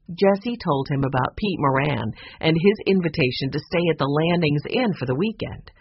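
Expressive kids' book narrator, lively up-and-down voice, kinda breathy, dull lo-fi recording. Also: medium pitch, moderate pace. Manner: expressive, lively storybook reading. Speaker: audiobook narrator. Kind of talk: scripted children's book narration. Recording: dull lo-fi recording with faint noise.

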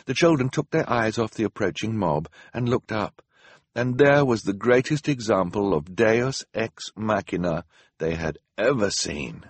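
A man's voice: fairly low pitch, expressive, a little slow, slightly rough, no echo. A man narrating a children's novel as an audiobook, reading expressively and dramatically. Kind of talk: storybook narration.

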